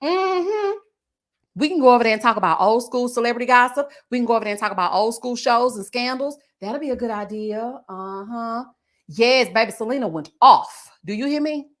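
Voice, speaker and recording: On her channel, a woman recaps a reality show in loose, casual commentary, reading live chat comments aloud to viewers. She laughs often and stretches out her endearments, her voice a little high and animated.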